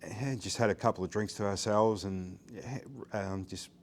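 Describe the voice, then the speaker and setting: Relaxed deep-voiced man. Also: normal speed, slight background noise. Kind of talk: casual interview.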